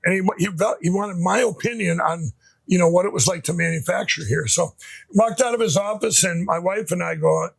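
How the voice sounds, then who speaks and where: A man from Minnesota, appearing as a podcast guest, tells his personal faith testimony in a high-pitched, gravelly voice with a breathy edge. His telling rambles and halts, full of restarts and fillers.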